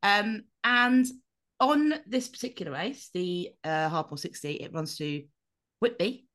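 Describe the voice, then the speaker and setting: A woman co-hosting a podcast, telling a story in an animated, sweary, casual way. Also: medium pitch, measured pace. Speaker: podcast co-host. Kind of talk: casual chat.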